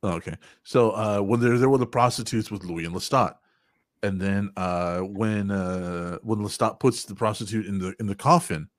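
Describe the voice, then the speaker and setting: A man hosting a casual podcast, telling stories in an animated, profane way and acting out quotes. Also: lowish voice, moderate pace, no room sound, studio quality. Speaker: podcast host.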